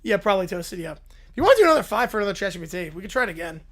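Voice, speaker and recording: A man hosting a livestream in a relaxed, chatty way, chuckling as he hurries through viewer requests. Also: sits high, very fast. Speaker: livestream host. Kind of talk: casual livestream chat.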